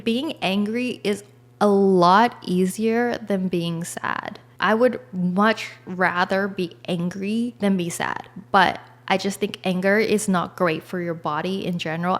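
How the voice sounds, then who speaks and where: A woman in casual personal talk, candid and chatty, full of "like" and "you know". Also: medium pitch.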